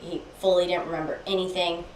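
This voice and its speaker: Give me a young woman with a lowish voice, co-hosting a podcast and telling a story in casual chat. She acts out the other people's lines with animation. The room is echoey, with a faint hiss behind her. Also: fast. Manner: animated, acts out quoted speech. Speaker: podcast co-host.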